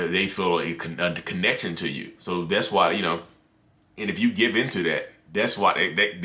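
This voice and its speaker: Talk straight into the camera as a man with a very low but bright, forceful voice. Keep it loose and conversational, with plenty of fillers and restarts. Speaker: mental health content creator.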